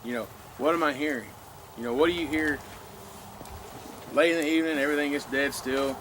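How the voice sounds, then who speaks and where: A man's voice: on the high side, fairly quick, a bit bright. A man with a Southern US accent teaching land navigation to a class, folksy and full of questions to the room. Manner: folksy, asks the room questions, many "you know" and "okay". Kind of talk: informal classroom lecture. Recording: noisy room recording.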